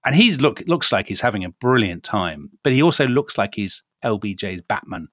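A man's voice: lowish voice, very animated, moderate pace, fairly bright tone, no room sound, studio quality. A man from Britain co-hosting a history podcast, telling the story in a wry, chatty way with asides. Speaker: podcast co-host.

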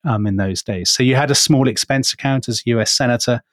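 A man co-hosting a history podcast, reading out old inscriptions and telling the story in a chatty, deliberate way. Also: mid-range voice, fairly bright tone, no room sound, clean studio sound. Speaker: podcast co-host. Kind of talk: casual history podcast chat.

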